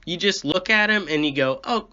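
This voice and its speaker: A man's voice: sits high, a little fast, bright, forceful tone, clear, resonant tone. A man telling a rambling, profane comic story and complaining as he goes. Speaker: comedy podcast host. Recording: dull lo-fi recording.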